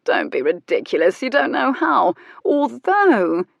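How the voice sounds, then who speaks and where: A woman voicing a teasing, languid young gentleman who drawls and mocks, in an audiobook character voice. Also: very high-pitched, big pitch swings, unhurried, vocal fry, no echo, lo-fi sound, pitched above the performer's own voice, heavily acted. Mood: mocking. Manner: drawling and mocking.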